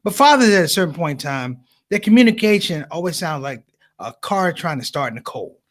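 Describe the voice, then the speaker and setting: Animated stand-up comic, high lively voice. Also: male voice, brisk. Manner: animated storyteller, big voice swings. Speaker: comedian. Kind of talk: stand-up comedy.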